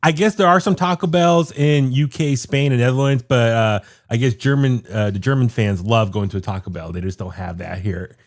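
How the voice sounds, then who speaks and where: A man's voice: medium pitch, fairly quick, hardly any pauses. A man from the San Francisco Bay Area co-hosting a casual podcast chat, joking and laughing often. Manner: animated, laughs often, jokey asides. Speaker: podcast co-host.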